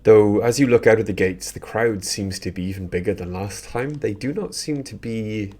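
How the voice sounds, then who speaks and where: Deep-voiced man narrating a tabletop game. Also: a little mellow. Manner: slow, halting narration with many ums. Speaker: dungeon master.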